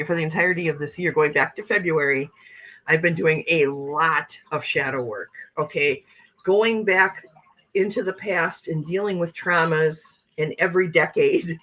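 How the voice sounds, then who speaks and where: On a rough recording, a woman with a lowish, slightly bright voice hosts a casual livestream. She talks in a meandering, conversational style, reads viewers' comments, and often drops in "okay" and "you know what I'm saying."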